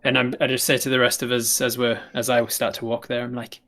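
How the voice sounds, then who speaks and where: A man playing a tabletop role-playing game, describing actions and giving measured, earnest speeches in character. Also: mid-range voice, completely flat delivery, a bit bright. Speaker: player.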